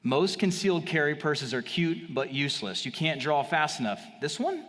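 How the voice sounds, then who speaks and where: A man reading ad lines as a calm, direct woman speaking to camera, in his own voice. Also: fairly high pitch, moderate pace, big-room sound.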